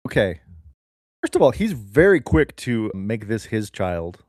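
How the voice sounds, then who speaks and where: A man co-hosting a casual comedy podcast, wry and deadpan as he picks apart a story. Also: on the low side, unhurried, dry recording, studio quality. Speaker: podcast co-host.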